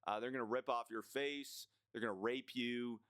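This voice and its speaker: A man's voice: medium pitch, fairly even intonation, normal speed, a bit bright, clean tone, no room sound, clean studio sound. A young man, ranting bluntly through a casual list of complaints, swearing often and sometimes sarcastic. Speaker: vlogger.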